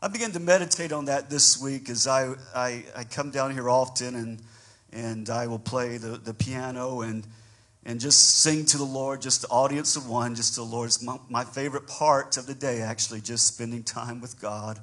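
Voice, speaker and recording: A man preaching a sermon as pastor, calling for feedback from the congregation and building from quiet reflection to loud, emphatic declarations. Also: medium pitch, fairly even intonation, normal speed. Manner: preaching with call-and-response, swelling from soft musing to loud emphatic declarations.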